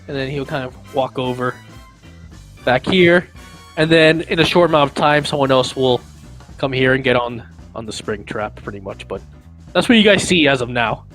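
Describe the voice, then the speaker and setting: A man's voice: medium pitch, normal speed, a bit bright, faint music behind, rough recording. A man running a tabletop game as game master, describing the scene casually with many fillers.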